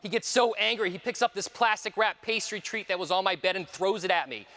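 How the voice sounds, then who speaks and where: A man giving a conference talk, telling a personal story with dramatic shifts, sometimes dropping to a hushed voice. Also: high voice, brisk, big-room sound. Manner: dramatic storytelling, dropping to near whispers for repeated phrases. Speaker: conference speaker.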